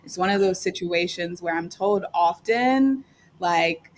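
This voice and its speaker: A woman's voice: lowish voice, a little slow, slight background noise. A middle-aged woman, a guest on a talk show, chatting and telling stories with lots of fillers. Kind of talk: casual talk show conversation.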